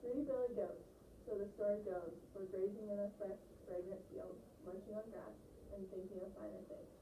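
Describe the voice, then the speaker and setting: Sex: woman. Role: teacher. Style: reading aloud to a class. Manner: calm, gentle instructions. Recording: roomy classroom, mic far away, audible background noise. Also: mid-range voice, moderate pace.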